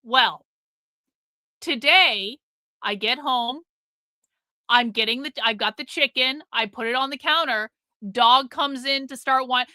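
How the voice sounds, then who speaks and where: High, bright-voiced woman telling a profane story. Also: measured pace, long pauses, no echo. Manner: animated, jumps between loud and quiet. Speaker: live-stream host. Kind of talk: casual chat to a live audience.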